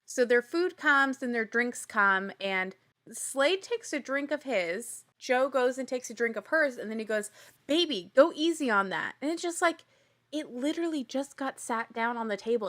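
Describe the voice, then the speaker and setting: Young woman podcaster ranting about a reality show, high-ish bright voice, sarcastic, laughs a lot. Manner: animated, sarcastic, laughs often, acts out quotes. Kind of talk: casual rewatch recap chat.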